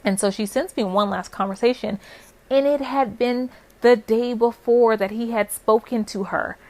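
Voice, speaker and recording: Animated young woman telling her story. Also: a little high, normal speed. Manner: animated, full of "like" fillers. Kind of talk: casual storytelling monologue.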